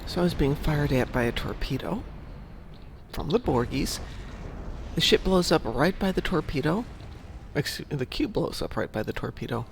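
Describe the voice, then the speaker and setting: A freshly woken man hosting a video game stream, chatting and rambling as he thinks aloud. His gravelly voice sits a little high and swings lively up and down, with faint music in the background. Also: moderate pace. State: sleepy, just woke up. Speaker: gaming channel host. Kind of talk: casual gameplay commentary.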